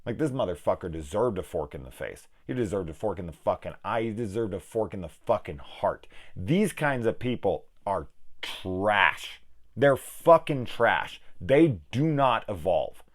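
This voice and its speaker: Male film-review host, low voice, heated profane rant, swings up and down a lot. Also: very animated, a little slow. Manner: angry, profane ranting. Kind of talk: ranting spoiler discussion.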